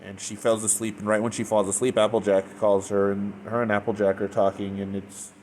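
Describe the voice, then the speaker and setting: Man, casual reviewer, low voice, rambling retelling, lots of "like", faint hiss behind. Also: level tone, a little fast, a little mellow. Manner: rambling retelling full of "like" and restarts. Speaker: fanfiction reviewer.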